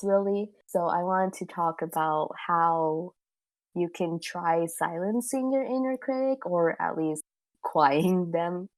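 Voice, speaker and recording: Low-voiced woman giving calm advice. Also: no echo, rough recording. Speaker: podcast co-host. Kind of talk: casual podcast chat.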